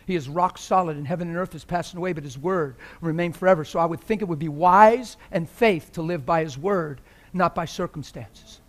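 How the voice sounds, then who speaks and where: A man preaching as a visiting preacher in a church, passionate and joking, often laughing mid-sermon, sometimes quiet and sometimes loud. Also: fairly high pitch, fairly quick.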